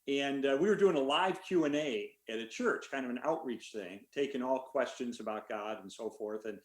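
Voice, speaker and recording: An older man, an author, answering a question in a relaxed story full of fillers over a video call. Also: mid-range voice, moderate pace, roomy sound. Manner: relaxed, rambling with many fillers. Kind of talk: conversational storytelling.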